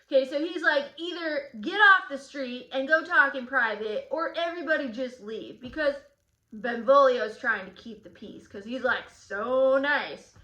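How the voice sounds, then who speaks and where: Brief: woman playing a brash, touchy young swordsman Tybalt for a lesson; high, bright voice, echoey room. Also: a little slow. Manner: slangy, sarcastic paraphrasing. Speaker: teacher in character as Tybalt. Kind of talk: in-character guided study.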